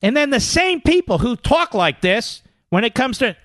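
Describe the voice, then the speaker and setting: A man's voice: extremely high pitch, very animated, moderate pace, fairly bright tone, no echo, studio quality. A man hosting a political talk radio show, sarcastic and emphatic, repeating words and mocking opponents in put-on voices.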